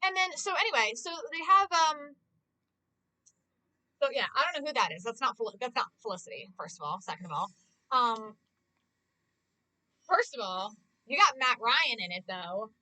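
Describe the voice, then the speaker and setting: A woman's voice: a little high, big pitch swings, moderate pace, long pauses, pushed and bright, poor audio. A young woman streaming, recapping a TV episode in a casual, rambling way, swearing freely and gushing as a fan. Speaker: Twitch streamer.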